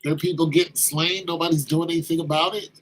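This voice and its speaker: A man with a husky, slightly raised voice tells his story with lively energy. His tone is bright and sharp. He acts out the back-and-forth exchanges himself. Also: a little high, fast talker, rough recording. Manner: animated storytelling, acting out quoted exchanges. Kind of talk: casual talk.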